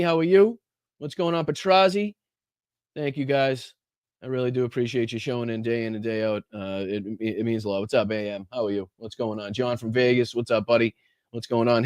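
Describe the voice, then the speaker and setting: A man's voice: on the low side, no echo, studio quality. A man hosting a casual political livestream, talking with lots of ums and uhs and greeting viewers in the chat by name. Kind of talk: casual live-stream commentary.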